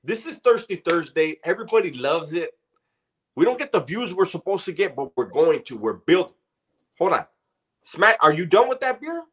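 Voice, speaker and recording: A man's voice: high-pitched, big pitch swings, moderate pace. A middle-aged man co-hosting a casual chat, full of profane, teasing banter. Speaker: podcast co-host.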